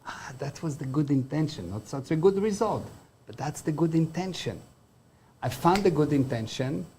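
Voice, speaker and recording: Mellow-voiced man giving a motivational talk. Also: a little high, lively intonation, moderate pace, slight background noise. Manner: explains terms by defining them, with everyday examples. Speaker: motivational speaker.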